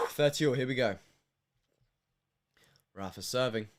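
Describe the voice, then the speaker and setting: A young man from the United Kingdom commentating a match on a live stream, emotional, with hushed stretches and loud bursts. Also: mid-range voice, takes it slowly, background noise.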